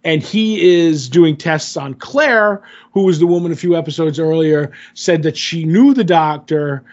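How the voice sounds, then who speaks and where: Rambling man, slightly high voice, lo-fi. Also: unhurried, darkish tone. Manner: rambling, filler-heavy retelling. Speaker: podcast co-host. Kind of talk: casual episode recap.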